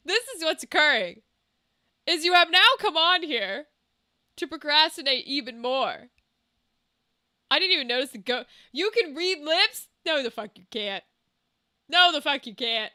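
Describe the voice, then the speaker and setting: Young woman streamer, high and very bright, brash and foul-mouthed, teasing her chat. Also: dry recording, studio quality. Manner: brash, profane, teasing, laughs often. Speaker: game streamer. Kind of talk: casual chat with viewers.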